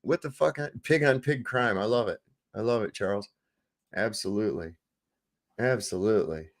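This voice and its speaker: A man's voice: lowish voice, normal speed. A man giving casual, profane commentary on video clips, laughing and mocking as he talks. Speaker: streamer reacting to clips.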